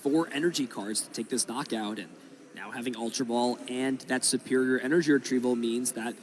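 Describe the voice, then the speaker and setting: Male co-commentator, mid pitch, explains plays at length, faint background hum. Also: fairly quick. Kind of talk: live card game commentary.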